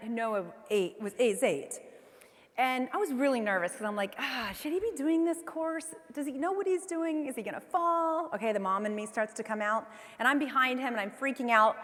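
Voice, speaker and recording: A woman in her forties giving a motivational keynote speech, telling a personal story with animated delivery and acting out her own inner voice. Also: fairly high pitch. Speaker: keynote speaker. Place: large convention hall. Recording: long hall reverb from the PA.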